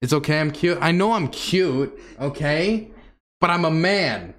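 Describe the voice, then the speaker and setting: A man's voice: fairly high pitch, animated, a little slow, a bit bright. A man telling a story to his stream audience in a candid, exasperated, rambling way full of fillers.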